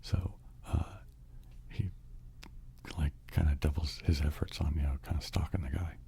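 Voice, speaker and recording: A man's voice: a bass voice, fairly even intonation, normal speed, creaky, mellow, slight background noise. A man telling a whispered ASMR bedtime story, rambling along with many fillers and restarts.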